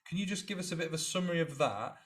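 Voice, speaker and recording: Podcast host, male, a touch high-pitched, asks long careful questions. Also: animated, rapid-fire, fairly bright tone. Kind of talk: interview questions.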